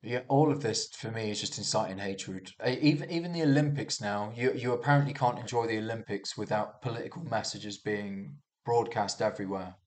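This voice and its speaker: A man's voice: on the low side, brisk, hardly any pauses, a little mellow. A young man casually rambling through commentary on news headlines, swearing and restarting often. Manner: restarts a lot, swears, muses aloud. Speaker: vlogger reviewing news.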